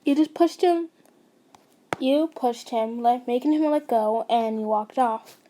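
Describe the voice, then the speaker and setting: A woman's voice: fairly high pitch, a little slow, warm tone, a little hiss or hum. A young woman narrating a fan fiction story casually, stumbling and restarting, with chatty asides to her listeners.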